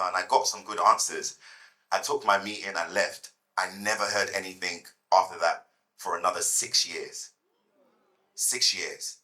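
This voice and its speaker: A man in his thirties, a guest at a fireside chat, telling lively anecdotes to a live audience and repeating words as he goes. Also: low voice, normal speed, rough recording.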